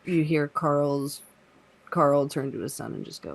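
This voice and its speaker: A man's voice: fairly high pitch, lively intonation, measured pace, creaky, a little hiss or hum. A man narrating as game master of a tabletop role-playing game, hesitant and full of fillers.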